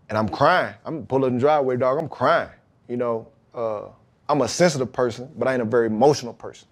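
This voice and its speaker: A man's voice: mid-range voice, a little fast. A man, a podcast guest, telling a personal story in casual, slang-heavy talk and acting out the quoted dialogue. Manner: animated, acts out quoted dialogue; relaxed slang-heavy talk with frequent "you know what I mean". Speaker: podcast guest, pro football player.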